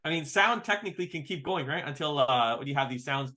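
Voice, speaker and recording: A man's voice: a little high, animated, a little fast, bright, forceful tone. A man teaching a casual online workshop on melodic modes, counting notes aloud and singing short examples. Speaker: maqam teacher.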